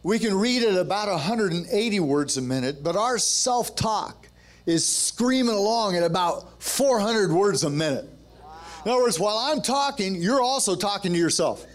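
A man's voice: sits high, animated, normal speed. A man preaching a sermon at a men's gathering, telling a story and then building to fervent, rousing exhortation with joking, conversational asides.

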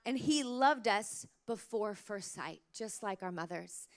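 A woman's voice: mid-range voice, expressive, a little slow. A woman in her thirties preaching a sermon to mothers, telling personal stories in a chatty way full of "like" fillers. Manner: warm storytelling, chatty with many "like" fillers. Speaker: pastor.

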